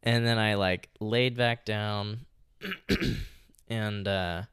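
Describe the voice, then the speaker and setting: A man's voice: on the low side, very slow, fairly bright tone, clean tone, no room sound, studio quality. A young man on a podcast telling a story in casual, rambling chat, swearing often and filling gaps with "like" and "you know". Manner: rambling, profane, heavy use of "like" and "you know". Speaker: podcast co-host.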